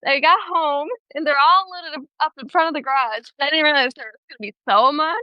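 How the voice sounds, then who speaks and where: A woman's voice: sits high, a little fast, no room sound. A young woman co-hosting a podcast, chatting casually and rambling through her stories with frequent self-corrections. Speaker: podcast co-host. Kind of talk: casual chat. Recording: dry, slightly dull remote audio.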